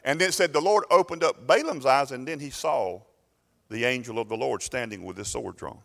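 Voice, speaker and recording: Preaching as pastor in a church sanctuary, a man retells a story and acts out its voices. His medium-pitched, fairly bright voice moves a little fast with some vocal fry, and the church hall gives it a long reverb.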